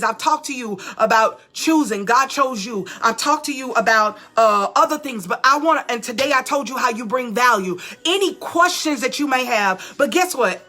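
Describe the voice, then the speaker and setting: A woman pastor hosting a live stream, talking energetically and straight to viewers with encouragement for wives. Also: high-pitched. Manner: energetic, exhorting, talks to viewers directly. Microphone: phone or camera on live stream.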